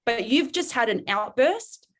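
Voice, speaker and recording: A woman coach speaking in a slightly high voice, casual and frank, with the odd swear word. She talks through her advice with energy and slips into voices when she quotes people. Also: a little slow. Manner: lively, acts out quoted voices. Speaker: parenting coach. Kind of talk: podcast interview chat.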